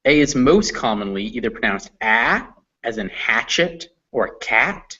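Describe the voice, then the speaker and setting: A man teaches English vowel sounds at an unhurried, deliberate pace, pausing on each example word. His voice sits in a middle register. The audio is dull and lo-fi. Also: mid-range voice, animated, sharp tone. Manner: patient, spells out example words one by one. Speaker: English pronunciation tutor. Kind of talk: slow explanatory teaching. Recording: muffled lo-fi audio.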